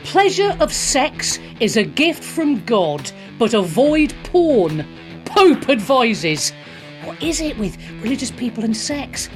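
A woman delivering radio opinion commentary, reading headlines aloud and mocking them. Her voice sits fairly high, and a clear music bed plays underneath. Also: sing-song, slow pace. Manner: sardonic, mocking.

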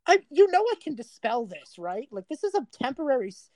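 A woman's voice: high-pitched, sing-song, a little fast, a little mellow, no echo, pitched above the performer's own voice. A woman voicing a smug, annoyed male fae trickster who sneers and sulks. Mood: scornful. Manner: petulant, sneering.

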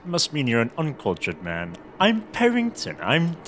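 A man voicing a vain, arrogant male stage actor in a raised, high-pitched tone, boasting haughtily in a tabletop role-play. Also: huge pitch swings, normal speed, fairly bright tone, slight background noise. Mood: boastful.

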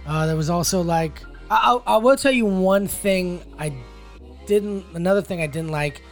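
A man with a notably high voice rambles through a film review, leaning on like and um as he gathers his thoughts. Faint music hums in the background. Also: normal speed. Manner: rambling, full of likes and ums. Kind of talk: casual chat.

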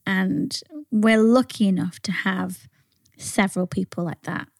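A woman's voice: medium pitch, measured pace, creaky, darkish tone, no room sound. A woman from England co-hosting a podcast, talking reflectively and earnestly, with casual swearing. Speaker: podcast co-host. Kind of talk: casual chat.

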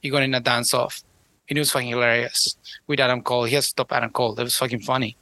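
A man's voice: medium pitch, quick pace. A man co-hosting a casual wrestling podcast, talking loosely and laughing, with some swearing. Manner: animated, laughing, loose profane talk. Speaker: podcast co-host. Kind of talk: casual chat, wrestling review.

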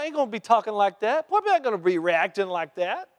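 Speaking fast with hardly a pause, this pastor has a high voice and lively intonation. His sermon moves from scripture reading to quizzing and joking with the congregation, all under a long, echoing hall reverb.

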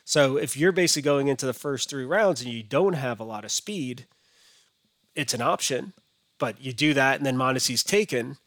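A man's voice: medium pitch, expressive, normal speed, fairly bright tone, no room sound. A man as a podcast guest, talking casually and hesitantly with many restarts. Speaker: podcast guest, fantasy baseball analyst.

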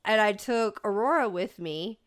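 A woman's voice: medium pitch, normal speed. A woman in her thirties co-hosting a casual chat, rambling through a story and laughing often. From New Mexico. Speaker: podcast co-host.

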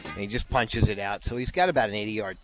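Co-host, male, lowish voice, rambling storyteller with restarts, faint music bed. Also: quick pace. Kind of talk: casual golf chat.

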